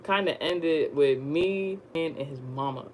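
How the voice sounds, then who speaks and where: A woman telling a rambling storytime in casual slang, jumping up high when she acts surprised. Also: takes it slowly, slight background noise, low-quality recording. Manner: rambling, slangy, animated retelling. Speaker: vlogger.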